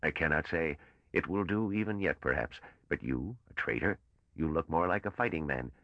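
An older man's voice, played by a man, as a bitter and weary old patrician who speaks slowly. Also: very deep voice, expressive, dry recording, muffled recording.

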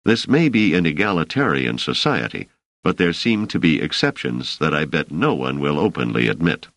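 A man's voice: a bass voice, big pitch swings, normal speed, fairly bright tone, no room sound, heavily acted. A man reading as a wry, exasperated scholar. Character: wary male scholar, a guest in a strange place.

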